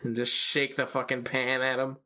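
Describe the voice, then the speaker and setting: A man co-hosting a casual podcast, recapping a TV episode in a profane, animated way and acting out the characters' quotes. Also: mid-range voice, moderate pace. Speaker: podcast co-host.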